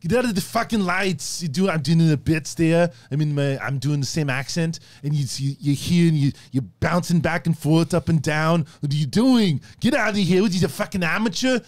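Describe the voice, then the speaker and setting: Guy doing a famous muscleman actor losing it on set, yelling, cursing, thick put-on accent, pitched up. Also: brisk, hardly any pauses, no echo, natural voice. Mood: ranting. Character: bodybuilder actor screaming at a film crew.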